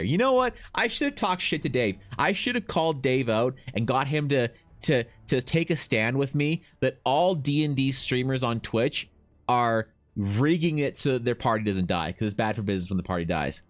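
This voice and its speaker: A man's voice: mid-range voice, animated, moderate pace. A man streaming live as a fantasy artist, chatting casually with viewers in a rambling, profane, joking way, full of restarts. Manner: rambling, profane, jokey storytelling with many restarts. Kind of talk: casual livestream chat. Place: home streaming setup.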